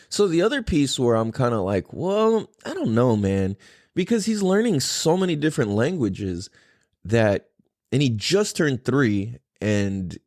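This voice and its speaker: A young man with a medium-pitched voice hosts a podcast, recorded at studio quality with no echo. He's animated and chats casually, swearing freely and laughing a lot.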